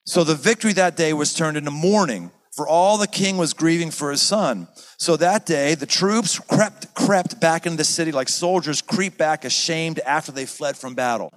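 A pastor teaching in a sermon style, animated and dramatic, acting out the scenes he describes. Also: on the high side, normal speed, hardly any pauses, low-quality recording.

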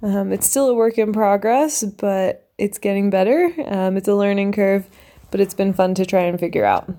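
A woman hiker giving a casual spoken update on her trail food, relaxed, pausing often with ums. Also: mid-range voice. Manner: relaxed, many ums and pauses.

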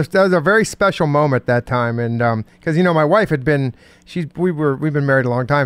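A man's voice: mid-range voice, dry recording. A middle-aged man, a former pro football player, co-hosting a radio show in a casual, chatty way, laughing often and rambling through stories. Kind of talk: casual sports radio chat.

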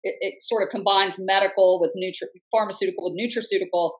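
A woman's voice: mid-range voice, fast talker, low-quality recording. A woman in her fifties talks as a podcast guest, her voice sitting in an ordinary middle register. She tells her story with energy and candor, slipping into other people's lines as she quotes them. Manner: animated, acts out quoted speech, frank. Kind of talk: conversational storytelling.

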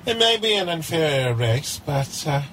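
An actor playing a pompous aristocratic lord with no sense of humor, haughty and prone to giggling, in a comedic audio drama. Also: male voice, on the high side, very animated, moderate pace, a bit bright, slight background noise. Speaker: lead character.

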